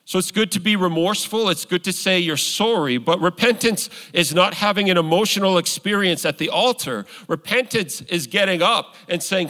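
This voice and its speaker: Man, pastor, sermon, earnest, conversational, bright voice, long reverb. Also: sits high, animated, measured pace. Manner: earnest, conversational preaching with rising emphasis.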